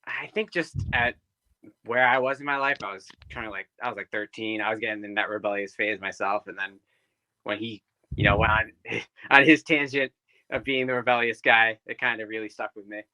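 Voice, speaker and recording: A young man with a lowish but bright, forward voice talks as a guest on a podcast. He is easygoing and laughs often, and the close mic keeps him dry. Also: steady tone, fairly quick, no room sound, rough recording. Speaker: podcast guest, pro wrestler. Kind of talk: casual interview chat.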